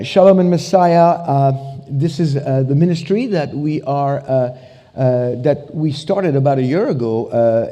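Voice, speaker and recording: Joking man with a dark voice in a hall. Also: fairly high pitch. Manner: joking, lots of "you know" fillers. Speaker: conference speaker, ministry founder. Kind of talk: conference talk with jokes. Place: church hall.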